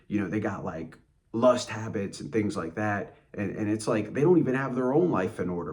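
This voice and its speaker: A man with a fairly low voice gives a blunt, angry motivational rant. He sounds contemptuous and swears freely. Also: mellow. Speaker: motivational channel host.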